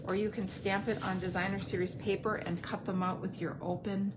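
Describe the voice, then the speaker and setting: A woman hosting a craft unboxing video. She gushes over each item and pauses to think aloud when she needs a word. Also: medium pitch, little pitch movement, very noisy. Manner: enthusiastic, gushing over products. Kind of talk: unboxing product demo.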